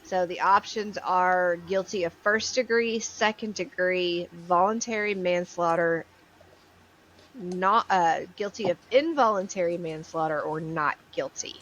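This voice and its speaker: A woman's voice: on the low side, a little slow, a bit bright, highs cut off. A woman co-hosting a casual podcast, retelling a court case with a blunt manner and casual swearing. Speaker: co-host.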